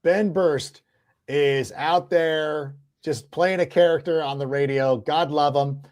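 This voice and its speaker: A man hosting a sports podcast, talking casually in a lively, rambling way with restarts. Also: on the high side, slow. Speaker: podcast host.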